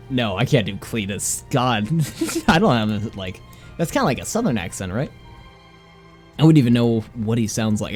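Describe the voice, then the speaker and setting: This young man chats loosely as a streamer while he plays, laughing readily as he rambles through casual gameplay commentary. His mid-range voice has a darkish tone.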